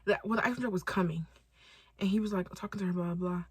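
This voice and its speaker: Husky-voiced young woman telling a story. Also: fairly low pitch, fast talker, dry recording. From Los Angeles. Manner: animated, swears freely, acts out quotes. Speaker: storytime vlogger. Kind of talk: casual storytelling to camera.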